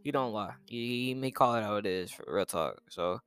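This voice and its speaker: A young man telling a personal story in a rambling, halting way, full of slang and swearing and often trailing off quietly. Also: lowish voice, clean tone, faint music behind. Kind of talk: casual storytelling monologue.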